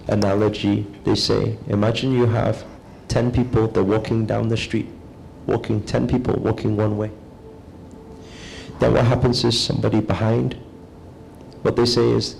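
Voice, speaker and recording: A man giving a calm, measured spiritual talk, speaking slowly and deliberately as a teacher. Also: on the low side, gravelly, a little hiss or hum, rough recording.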